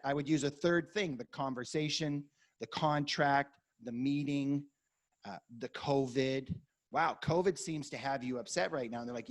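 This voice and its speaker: A man coaching a workshop, energetic and acting out client conversations as examples. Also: a little high, moderate pace. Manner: energetic, acts out dialogue examples.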